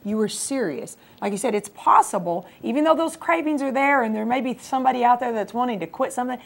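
A woman's voice: on the high side, fast, gravelly. A woman co-hosting a Christian TV program, encouraging her husband to tell his testimony. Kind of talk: faith testimony chat. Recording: local cable TV studio.

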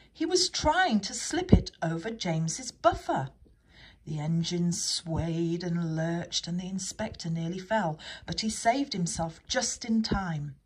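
A woman reads a children's train storybook aloud in a husky, lowish voice. She steps out of the text now and then for chatty asides of her own.

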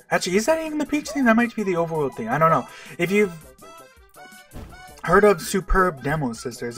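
A man's voice: on the high side, a bit bright. A young man from Canada giving casual, rambling commentary over a game, full of fillers and restarts. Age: young adult. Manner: rambling, self-deprecating, many fillers and restarts. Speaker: let's play gamer. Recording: distant mic with faint game music.

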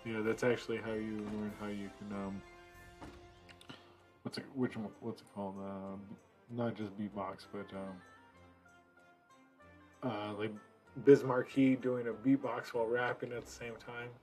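A man's voice: fairly low pitch, little pitch movement, a little slow, pauses often, darkish tone. A man casually commentating a game stream, rambling and muttering to himself, with faint music behind him.

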